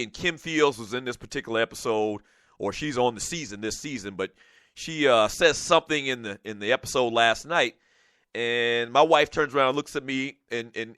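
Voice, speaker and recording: A man hosting a call-in sports talk show, talking in an animated, casual way, laughing often and dropping "man" into his sentences. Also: mid-range voice, smooth, dry recording, studio quality.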